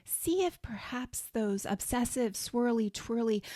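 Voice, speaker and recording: A woman's voice: fairly high pitch, wildly swooping pitch, unhurried, few pauses, warm tone, no room sound. Earnest woman podcast host, close and dry. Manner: earnest, encouraging, frequent asides and acted-out inner monologue. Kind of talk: faith-based podcast talk.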